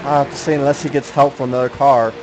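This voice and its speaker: A man's voice: medium pitch, flat delivery, quick pace. Young man from the South, race broadcaster, chatty, laughs a lot, faint noise behind. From Oklahoma, US South. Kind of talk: sim racing commentary.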